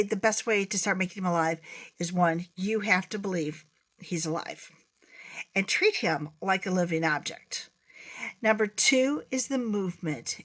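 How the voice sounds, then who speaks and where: A woman's voice: mid-range voice, a bit bright. A woman giving a chatty, playful puppetry lesson, demonstrating with a puppet as she talks. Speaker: puppetry teacher. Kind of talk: video lesson.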